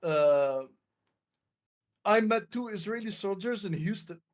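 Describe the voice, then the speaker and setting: On a live stream, a young Lebanese man hosting a live call tells a story in a casual chat, acting out quotes and swearing freely. His voice is high and animated, and he talks slowly.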